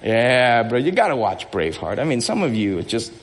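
A man preaching a sermon from the pulpit, animated and joking with his congregation. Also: medium pitch, a little fast, long reverb tail. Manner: animated, energetic, acts out movie speeches with rising intensity; jokes with the congregation and repeats himself. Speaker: pastor. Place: church hall.

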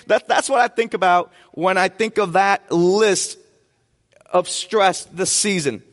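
A pastor preaching to his congregation, his voice set a little high for a man. He keeps it conversational and drops in jokes as he goes. The long reverb of the church sanctuary trails after every phrase. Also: slow, a bit bright. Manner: conversational, joking asides to the congregation. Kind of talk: sermon.

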